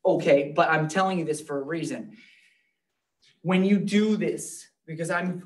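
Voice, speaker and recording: A man's voice: sits high, distant mic. A man leading a live real estate training class, talking loosely and joking with the room.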